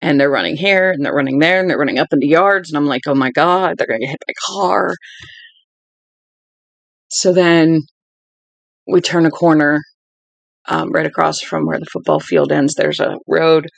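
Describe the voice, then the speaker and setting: Tired 40s woman streamer, gravelly voice, dry close sound, rambling chatty delivery. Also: low-pitched, moderate pace, long pauses, no room sound, rough recording. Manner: chatty storyteller who drifts off topic. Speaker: book-reading livestream host. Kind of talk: rambling casual chat. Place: at home with dogs.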